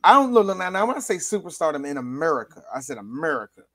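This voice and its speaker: A man hosting a podcast in casual chat, animated, joking and profane. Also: a little high, fast. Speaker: podcast host.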